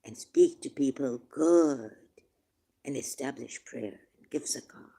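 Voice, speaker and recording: A man reading scripture verses aloud and commenting on them, turning emotional, shifting between quiet musing and loud, drawn-out declaiming. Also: medium pitch, creaky, husky. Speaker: religious commentator.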